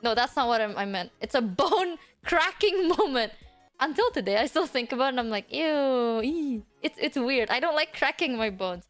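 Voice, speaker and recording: A young woman streamer chats to her audience in a high, bouncing voice that swoops up and down. She tells a dramatic story and swears freely, in English that is not her first language. Faint music plays underneath. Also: fairly quick. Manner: animated, swearing, dramatic retelling. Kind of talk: casual storytelling chat.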